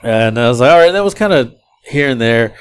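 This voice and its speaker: Man, podcast host, rambling animated storyteller, laughs a lot. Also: mid-range voice, a little fast, smooth. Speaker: podcast host and Uber driver.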